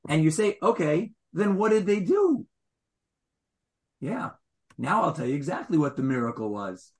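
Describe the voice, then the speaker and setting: A man's voice: fairly high pitch, very animated, moderate pace, long pauses, a little mellow. Man teaching a Torah class. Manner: questions the listeners and explains Hebrew wording.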